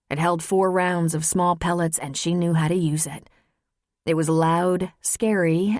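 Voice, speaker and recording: A woman narrating an audiobook in a tense, measured storytelling voice. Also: lowish voice, a little mellow, dry recording, clean studio sound. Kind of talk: scripted narration.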